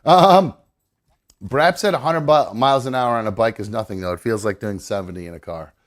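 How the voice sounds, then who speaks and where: A man's voice: mid-range voice, fairly quick. A man hosting a live call-in stream, chatting casually with frequent swearing and restarts. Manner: rambling, swears freely, restarts sentences. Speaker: host of a live call-in show.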